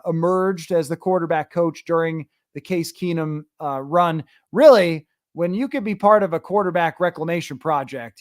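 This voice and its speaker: A man with a fairly high voice hosts a sports podcast in a loose, conversational way, reading out viewer comments and answering them with opinionated asides. The sound is dry and close, with no room echo. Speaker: podcast host.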